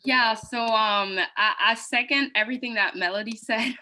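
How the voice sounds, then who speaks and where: Non-native English-speaking woman panelist, bright tone, hesitant. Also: on the high side, steady tone, normal speed, low-quality recording. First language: not English. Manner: soft-spoken, hesitant, many fillers. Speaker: panelist, college alum. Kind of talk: casual personal account. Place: video call.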